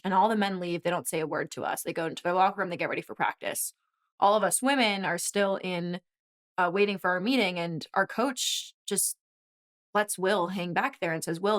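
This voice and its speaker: Animated young woman telling a story. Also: lowish voice. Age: 20s. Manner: animated storyteller, quick asides and laughs. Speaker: guest, former college swimmer. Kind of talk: casual conversation.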